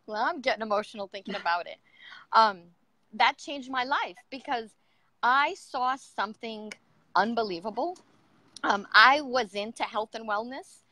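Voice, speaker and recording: Middle-aged woman, bright forceful voice, dry close sound, earnest interview storytelling. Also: fairly high pitch, lively intonation, moderate pace, no room sound. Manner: earnest and emotional, many fillers. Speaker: guest entrepreneur.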